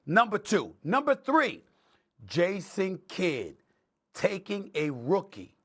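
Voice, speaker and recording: A middle-aged man with a high-pitched voice holds the floor as a sports debate host. He talks emphatically and piles up points one after another. He leans hard on key words. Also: takes it slowly, breathy edge. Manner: emphatic, animated, building lists for effect.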